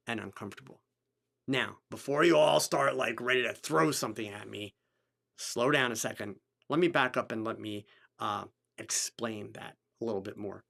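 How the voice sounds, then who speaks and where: Emphatic man hosting a live chat. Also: vocal fry. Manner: emphatic, repeats key phrases for stress; pitch swings widely between low, slow stretches and high, bright bursts. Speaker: photography podcast host. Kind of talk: live-streamed teaching chat.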